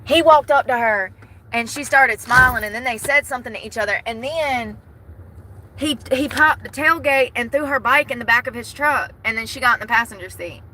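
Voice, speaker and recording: A woman with a high, sharp, bright voice chats casually to her viewers from inside her parked truck. She laughs often and greets people by name. A phone mic picks her up, with faint traffic noise outside. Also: normal speed. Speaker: vlogger live-streaming to viewers. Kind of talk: casual live-stream chat.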